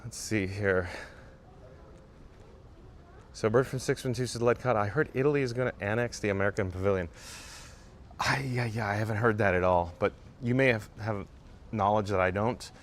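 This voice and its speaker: A man's voice: fairly low pitch, moderate pace, long pauses, a little hiss or hum. A man hosting a live stream while he walks, reading chat aloud and answering in a chatty, emphatic way, repeating viewers' names. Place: outdoors in a theme park.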